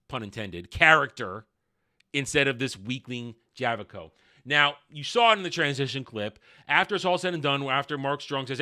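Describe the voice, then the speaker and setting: A man's voice: mid-range voice, sharp tone. Sarcastic man reviewing a TV episode. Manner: sarcastic, irreverent and blunt. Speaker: TV show reviewer. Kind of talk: casual video review commentary.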